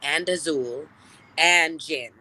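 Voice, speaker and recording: Bright-voiced animated woman telling stories. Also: slow pace. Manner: animated and profane, acts out quoted lines in loud high voices. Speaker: celebrity guest. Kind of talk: casual storytelling chat.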